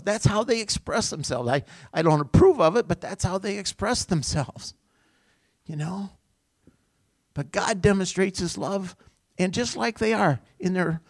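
A man's voice: sits high, vocal fry, no room sound, studio quality. A middle-aged man, a pastor, giving an informal sermon in a conversational, rambling storytelling way with small chuckles.

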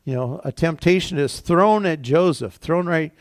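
A man's voice: fairly high pitch, moderate pace, no echo, studio quality. A male pastor giving a conversational, folksy sermon in church, chuckling between points.

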